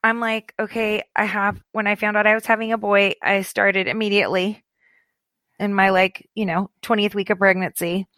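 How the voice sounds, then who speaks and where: A woman's voice: medium pitch, flat delivery, normal speed, a bit bright, no room sound. Chatty, rambling woman in her thirties. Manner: chatty, rambling, self-interrupting. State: tired and yawning. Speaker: podcast co-host. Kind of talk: casual chat.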